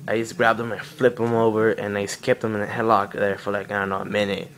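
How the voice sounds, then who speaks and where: A man's voice: fairly low pitch, level tone, fast, fairly bright tone, slight background noise. A young man casually telling a story on his own channel, rambling with lots of fillers and swearing. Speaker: vlogger.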